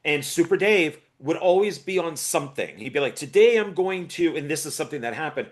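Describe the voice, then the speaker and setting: A man co-hosting a film review chat, casually retelling comedy bits in an animated way. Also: a little high, fast talker.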